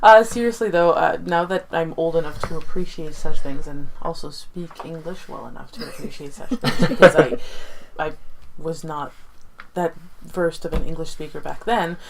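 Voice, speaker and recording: A woman's voice: sits low, normal speed, creaky, rough recording. A woman panelist, not an English speaker, talking casually and with enthusiasm about a book.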